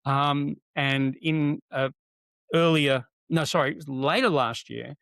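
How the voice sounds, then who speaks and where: Man with a gravelly voice. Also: on the high side, takes it slowly, dry recording. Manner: animated storyteller, acts out quotes, many fillers and restarts. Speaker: guest, NLP trainer. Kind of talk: casual conversational interview.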